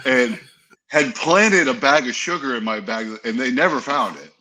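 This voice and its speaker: A man's voice: mid-range voice, expressive, moderate pace, sharp tone. A young man, a podcast guest, telling stories in a laid-back, teasing way. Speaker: podcast guest, football lineman. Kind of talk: casual storytelling chat.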